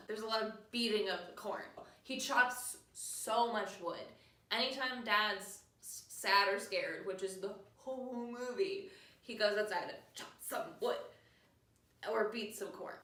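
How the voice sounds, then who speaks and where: A woman's voice: medium pitch, slow pace, pushed and bright, reverberant, distant mic. A woman hosting a casual podcast, recapping a movie in a chatty, sarcastic way and acting out the characters' lines. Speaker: podcast host.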